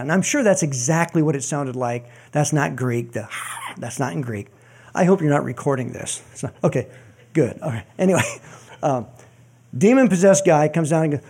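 A man's voice: a little high, a little mellow. A man preaching a sermon in a conversational, joking way with frequent asides. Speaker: pastor.

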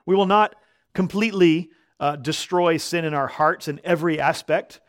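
Male preacher, slightly high voice, emphatic sermon delivery, punches key words. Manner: slows down when quoting scripture. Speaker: pastor.

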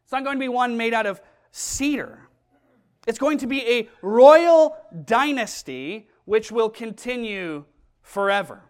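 A man preaching a sermon, emphatic and deliberate, repeating key phrases and slowing down to stress them. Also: extremely high pitch, animated, smooth.

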